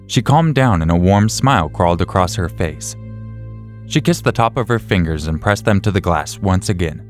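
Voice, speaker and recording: A man reading a scripted horror story in the first person, in a measured, even way. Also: deep voice. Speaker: narrator.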